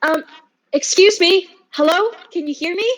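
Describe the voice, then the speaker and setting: Casting: woman as a timid, courteous traveler, high and careful. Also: unhurried, a bit bright, low-quality recording. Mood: polite. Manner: polite and hesitant. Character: polite, timid young male traveler.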